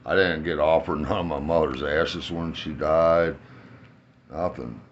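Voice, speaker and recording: A middle-aged man with a very low, deep voice rambles through profane family stories and chuckles at his own punchlines. The sound is dull and lo-fi, with a faint hum of ambience behind him. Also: fairly even intonation, measured pace. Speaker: vlogger telling life stories. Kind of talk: casual storytelling.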